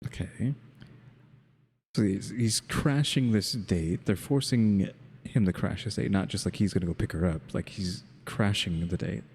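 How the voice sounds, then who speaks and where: A man's voice: lowish voice, measured pace, darkish tone, breathy edge, big-room sound. A man co-hosting a reaction video in casual chat, rambling and wry, often saying "question mark" aloud. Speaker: reaction channel co-host.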